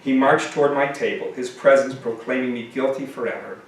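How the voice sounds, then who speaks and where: A man reading aloud from his own novel with expression, then summarizing it in halting speech with many fillers. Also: mid-range voice. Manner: expressive reading, halting and filler-laden when talking freely. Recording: echoey room, mic at a distance, faint noise.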